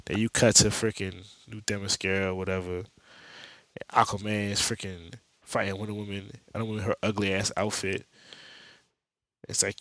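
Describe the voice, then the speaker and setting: A man with a lowish voice rambles through a comic-book recap, full of slang and swearing. The podcast mic sounds dry and close. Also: little pitch movement, brisk, sharp tone, no echo. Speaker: podcast host.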